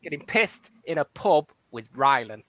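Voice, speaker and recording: Bright-voiced man chatting on a panel. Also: on the high side, big pitch swings, a little slow, no room sound, low-quality recording. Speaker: panel guest. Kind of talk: casual comedy chat.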